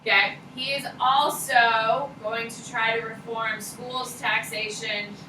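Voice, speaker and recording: A woman lectures a high school history class in a casual, candid way, tossing in the odd swear word. Her voice comes out bright and forceful. She is picked up from across an echoey classroom, with a low hum of room noise underneath. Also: fairly even intonation, slow pace, distant mic.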